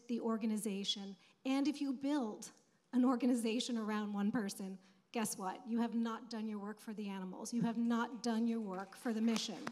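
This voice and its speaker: Panelist: middle-aged woman, a bit high-pitched, earnest and emphatic, conference stage. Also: a little mellow. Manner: earnest, emphatic, repeats phrases. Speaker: panelist, nonprofit CEO.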